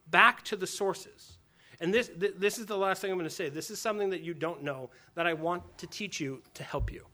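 A man giving a lively teaching lecture on church history, animated and quick to chuckle as he acts out quotes. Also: sits high.

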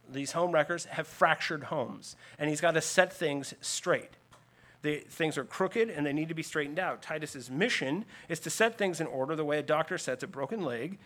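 A man's voice: on the high side, a bit bright. A man preaching a sermon, explaining scripture in an earnest teaching tone with emphatic lists. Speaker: pastor.

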